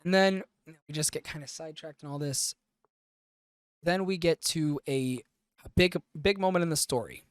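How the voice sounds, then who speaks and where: A man's voice: fairly high pitch, no room sound, studio quality. Casual, profane male podcast host. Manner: loose, profane storytelling with frequent fillers. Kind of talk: casual anime review recap.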